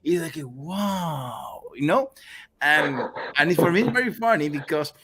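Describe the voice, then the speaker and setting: Lively man hosting. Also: fairly high pitch, brisk, background noise. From Dominican Republic. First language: Spanish. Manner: animated, rambling, self-interrupting. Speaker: podcast host. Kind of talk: casual conversation.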